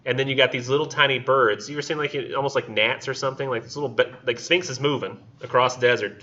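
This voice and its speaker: A man's voice: medium pitch, brisk, sharp tone. Rambling man lecturing a class. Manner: rambling, filler-heavy, acts out silly voices. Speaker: college literature instructor. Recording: dull lo-fi classroom recording.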